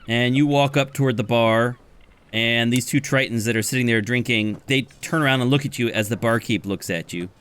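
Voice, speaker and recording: A man narrating a tabletop game as game master, describing scenes in a relaxed, plain way. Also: mid-range voice, brisk, clean tone.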